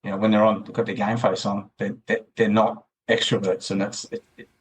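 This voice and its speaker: An Australian man talks through a podcast interview, rambling and circling back on himself with plenty of fillers. His voice sits a little low and has a husky, slightly rough texture. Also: little pitch movement, brisk, rough recording. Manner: rambling, many restarts and fillers. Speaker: guest. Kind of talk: casual interview chat.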